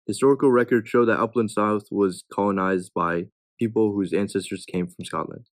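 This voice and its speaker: A man's voice: fairly low pitch, fairly even intonation, moderate pace, no echo. A young man tutoring test questions in a casual way, reading each answer choice and thinking aloud as he rules it in or out.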